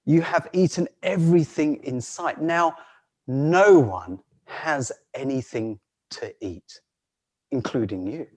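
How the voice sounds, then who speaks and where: A man voicing a calm, wise guardian lion. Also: fairly high pitch, slow pace. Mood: calmly reproachful. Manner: steady, reproachful questioning. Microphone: video call.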